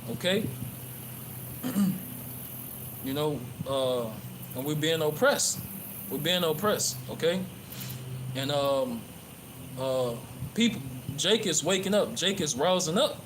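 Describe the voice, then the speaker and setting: Guy street-preaching in a park, swears a lot, lots of um and uh, kinda high voice, outdoor noise behind him. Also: lively intonation, slow pace, long pauses. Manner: profane, rambling with many fillers and restarts. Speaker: religious livestreamer. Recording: clear outdoor background noise.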